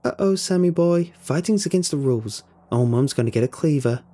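A man voicing an excitable, teasing older boy who tells a spooky tale with rising eagerness. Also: medium pitch, moderate pace, slightly rough. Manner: animated, raised and eager.

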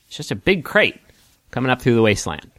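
Halting game master, dry sound. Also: male voice, medium pitch, big pitch swings, a bit bright, no echo. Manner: halting, many ums and restarts. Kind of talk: narrating a tabletop game.

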